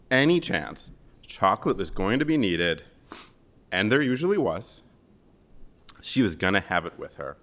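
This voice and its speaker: Man, 40s, from Chicago area; slightly low voice; gently humorous funeral eulogy. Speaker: son giving a eulogy. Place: funeral service.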